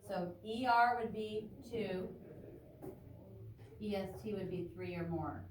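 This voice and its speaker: A woman's voice: medium pitch, slow, distant mic, noisy background. A woman teaching an adult English class, chatting loosely and interrupting herself as she explains grammar. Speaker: ESL teacher. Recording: echoey classroom taped from afar.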